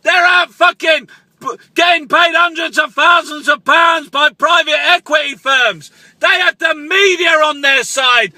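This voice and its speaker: A man delivering an angry political rant, shouting and swearing a lot, often breaking off and restarting his sentences. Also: very high-pitched, unhurried, no room sound.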